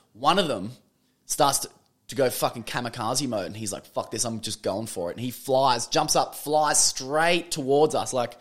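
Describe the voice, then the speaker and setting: A young man, co-hosting a podcast and telling a story in a casual, animated way, swearing freely and laughing often. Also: medium pitch. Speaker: podcast co-host. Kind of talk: casual chat.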